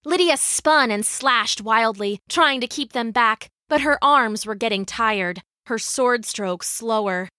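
A woman narrating a scripted children's story in a measured, vivid way. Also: a little high, pushed and bright, no echo, studio quality.

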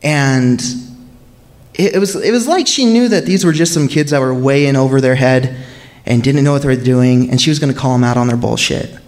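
Man telling a tense story on stage. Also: mid-range voice. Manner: earnest, suspenseful first-person telling with hushed dramatic pauses. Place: live stage before an audience.

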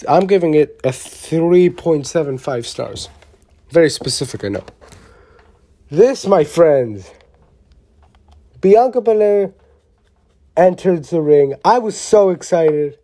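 Unhurried, soft-toned wrestling vlogger; blunt, rambling, excitable opinions. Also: mid-range voice. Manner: rambling, excitable, with many restarts; blunt, with mild swearing. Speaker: wrestling show reviewer. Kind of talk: casual opinionated review.

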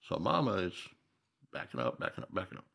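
A man's voice: sits low, huge pitch swings, quick pace, vocal fry, fairly bright tone. A man from Minnesota, a guest telling stories in a casual interview, reflective and folksy with emphatic repeats.

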